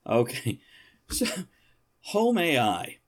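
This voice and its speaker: A man's voice: mid-range voice, huge pitch swings, slow pace. A man co-hosting a casual chat show, joking and laughing often. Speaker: co-host.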